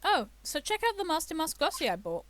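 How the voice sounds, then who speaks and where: A woman's voice: extremely high pitch, sing-song, no echo, voice pushed up, full character voice. A woman doing a chirpy young sidekick. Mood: excited. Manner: bright, chirpy and quick. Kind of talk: reading game dialogue aloud.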